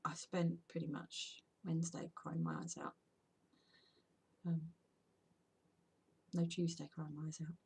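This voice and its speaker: A woman's voice: low voice, very animated, unhurried, long pauses, a little mellow, breathy edge. A tired woman, chatting casually to camera in an unscripted home vlog, rambling and sometimes dropping to a whisper. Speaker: vlogger and podcaster.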